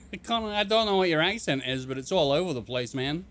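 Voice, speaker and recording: A man's voice: fairly high pitch, lively intonation, normal speed, a bit bright. A man streaming a video game, commenting casually in a joking, incredulous way. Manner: joking, incredulous, laughs often.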